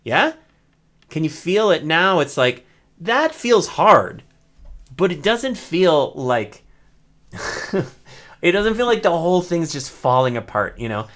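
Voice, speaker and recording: A man's voice: on the high side, big pitch swings, a little slow, a bit bright. A man teaching an online ukulele class, explaining step by step in an encouraging way and often checking in with "right?".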